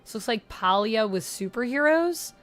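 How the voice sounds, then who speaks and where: Over soft background music, a woman livestreams a game in a slightly high, animated, fairly bright voice at an ordinary speed. She reads out menu choices in a relaxed way and talks with the people watching.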